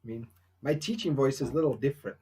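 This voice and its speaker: A man's voice: mid-range voice, quick pace, darkish tone. A young man with a Barnsley Yorkshire accent, chatting casually and self-mockingly at home on a live stream, answering viewers' questions.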